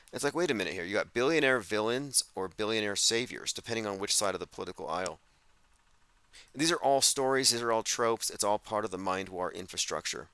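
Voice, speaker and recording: A man's voice: lowish voice, pushed and bright, clean tone, no echo. A man hosting a casual livestream show, talking sardonically and reading out viewers' chat comments. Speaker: host.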